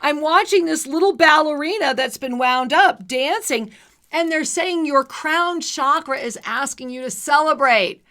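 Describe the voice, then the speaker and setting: A woman's voice: high-pitched, a little slow, bright, forceful tone. A woman co-hosting spiritual talk radio, effusive and sing-song, giving intuitive readings to callers. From New Jersey. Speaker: radio show co-host and intuitive reader.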